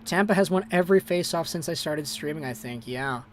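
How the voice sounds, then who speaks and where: An amateur livestream host calling a hockey game play by play, excitable and breathless. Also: mid-range voice, fairly quick, slight background noise.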